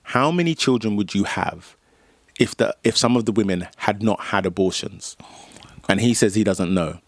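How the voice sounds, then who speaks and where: A man's voice: on the low side, moderate pace, a little hiss or hum. A man, co-hosting a podcast and retelling a story with emphatic commentary in casual chat. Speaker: podcast co-host.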